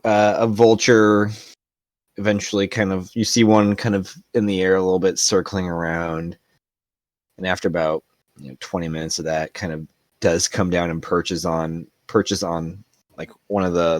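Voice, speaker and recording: Low-voiced guy running a tabletop game, chill and rambly, dry close sound. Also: no echo. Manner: casual, laughs often, rambling description. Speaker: game master.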